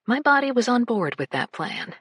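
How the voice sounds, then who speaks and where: A woman narrating a first-person romance audiobook, breathy and often slipping into whispers. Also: a little high, sing-song, moderate pace, a bit bright, no room sound, clean studio sound.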